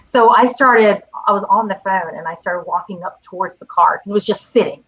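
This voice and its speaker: A woman's voice: mid-range voice, brisk, husky. Chatty woman telling stories over a muffled call. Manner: lively storyteller, acts out quotes. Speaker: guest. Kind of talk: casual chat. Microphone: video call.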